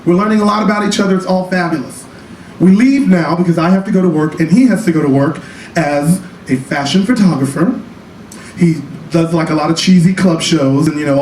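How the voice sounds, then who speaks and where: A man with a high voice tells a flamboyant, sassy story on stage in a small cabaret club. The recording is echoey and distant, heard from across the room, with steady room noise and audience laughter around him. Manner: flamboyant, sassy, calls the audience child and honey. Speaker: comedian performing a one-man show. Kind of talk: live stand-up storytelling.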